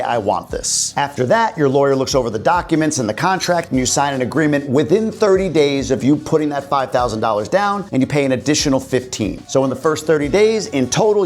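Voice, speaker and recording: A man giving a casual, blunt explanation to camera, mixing practical detail with offhand asides. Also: medium pitch. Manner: casual, blunt, matter-of-fact, with asides and jokes. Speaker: real estate investor and channel host.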